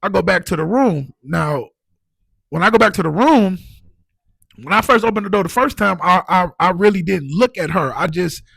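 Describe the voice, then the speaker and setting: A man telling his own story as a podcast guest, animated and emotional, full of "like" and "you know what I'm saying". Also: high-pitched, moderate pace, vocal fry, slightly rough, no room sound. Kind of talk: casual storytelling.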